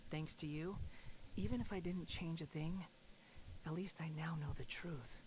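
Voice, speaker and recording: An actor playing an arrogant young male puppet wanderer in a game, haughty and cutting, with a steady hiss of game noise behind. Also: fairly high pitch, moderate pace, lightly acted, rough recording. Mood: cool, wry. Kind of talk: game voice acting.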